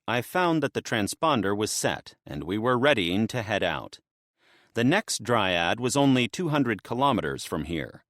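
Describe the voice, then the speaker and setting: A man narrating an audiobook in the first person, in a lively, expressive storytelling manner. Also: lowish voice, no echo, clean studio sound.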